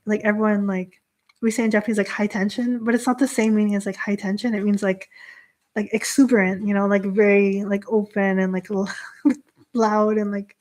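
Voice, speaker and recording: A young woman with a fairly high voice hosts a casual live stream as a Shinto priestess. She laughs often and rambles through filler words while reading out viewer comments. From Canada. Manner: giggly, filler-heavy, reads viewer comments aloud.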